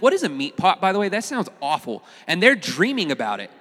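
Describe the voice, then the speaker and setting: Animated man preaching in a hall. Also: high-pitched, a little fast. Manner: casual, animated preaching with humor. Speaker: pastor. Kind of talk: sermon.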